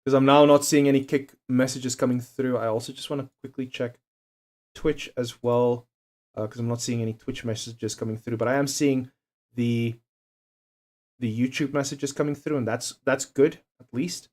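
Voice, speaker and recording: A man's voice: mid-range voice, steady tone, moderate pace, darkish tone. A young man chatting casually on a livestream, swearing and joking as he reads out quiz options. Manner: profane, jokey, reads quiz options aloud.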